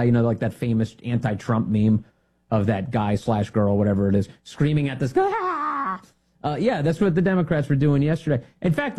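A man hosting a political radio talk show, sarcastic and animated, laughing often as he mocks. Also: mid-range voice. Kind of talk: mocking political commentary.

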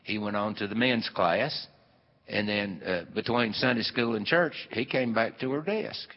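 A man telling a folksy story and acting out the dialogue in an animated, drawling way. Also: fairly low pitch, measured pace. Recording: reverberant hall, dull lo-fi sound.

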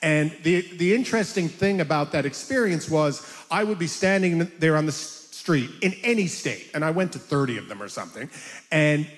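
Brief: middle-aged comic from Canada, high voice, lively self-mocking anecdotes, reverberant space. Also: male voice, moderate pace. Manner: animated, self-mocking storyteller. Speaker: comedian guest. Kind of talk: conversational interview storytelling.

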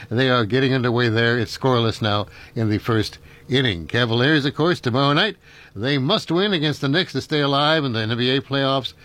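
Older male radio host, folksy and rambling, chuckles often. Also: mid-range voice. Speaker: radio talk show host. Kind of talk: local radio call-in show.

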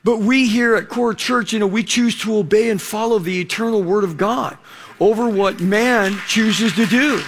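A middle-aged man preaching a sermon in a conversational way, with lots of fillers, slowing down to read scripture. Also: sits high, some chatter behind. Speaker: pastor.

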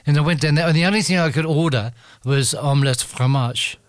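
A man's voice: on the high side, fairly quick, dry recording. Chuckling man telling a story. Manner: rambling, full of restarts, laughing often. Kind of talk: anecdotal storytelling.

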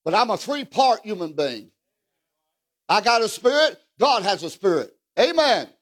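A man preaching a fiery revival sermon, asking the congregation questions, calling for amens and breaking into shouts. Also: high-pitched, big pitch swings, measured pace. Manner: fiery, rhetorical, calls for amens, bursts into shouts.

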